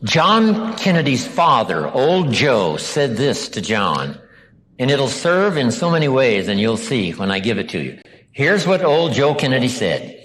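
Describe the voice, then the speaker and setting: An older American man, a motivational speaker, giving a live seminar lecture to an audience, asking rhetorical questions and repeating key words with slow, drawn-out emphasis. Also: medium pitch, big pitch swings, fairly bright tone, a little hiss or hum. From United States. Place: large hall with a live audience. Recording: live hall recording with long reverb.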